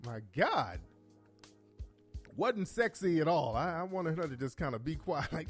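A man in his forties hosting a call-in radio show, telling profane, animated stories and laughing often. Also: fairly high pitch, unhurried, pauses often, faint music behind. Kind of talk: comedic call-in radio talk.

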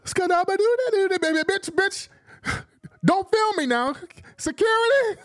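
A man's voice: extremely high pitch, animated, moderate pace, pitched above the performer's own voice. A man imitating a furious female diva singer who breaks off crooning to curse at fans filming her. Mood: furious singing. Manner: sings in snatches, then swears and shouts for security.

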